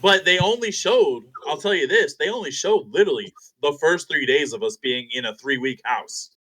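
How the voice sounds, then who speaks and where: A young man, a fighter guest on an interview show, telling stories in a casual, animated, profane way and acting out other people's lines. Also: on the high side, moderate pace, poor audio. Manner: animated, profane, acts out quotes.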